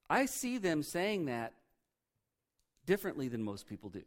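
Give me a man preaching a relaxed, conversational sermon with a slightly high voice. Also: moderate pace, pauses often. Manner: conversational, joking asides. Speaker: pastor.

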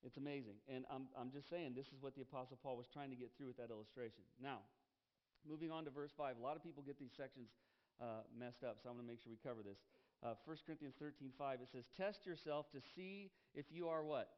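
A man's voice: medium pitch, steady tone, fast, lo-fi sound. A man preaching a sermon as pastor, emphatic, repeating key phrases and asking the congregation questions. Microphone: headset.

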